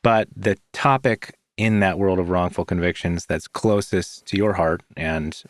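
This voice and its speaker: A man co-hosting a podcast in relaxed conversation, often padding his sentences with "you know.". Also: sits low, unhurried, no room sound, clean studio sound. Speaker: podcast co-host. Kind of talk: casual chat.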